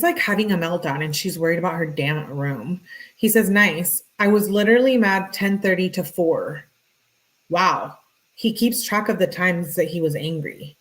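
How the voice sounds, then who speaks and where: A woman's voice: on the low side, rough recording. A woman reading text messages aloud and adding casual, exasperated comments while answering chat questions. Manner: exasperated asides between read messages. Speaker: true crime commentator.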